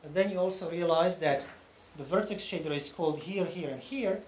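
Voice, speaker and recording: In an echoey conference hall with faint background noise, a man delivers a technical talk in a fairly high voice at a fairly quick pace. He lays out each step carefully and keeps checking in with the audience.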